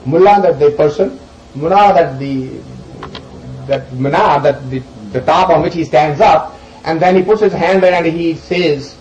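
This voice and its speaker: A man teaching a group as he explains scripture verses, animated and emphatic, swinging between loud questions and soft asides. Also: on the high side, a little slow, reverberant, highs cut off. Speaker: spiritual teacher.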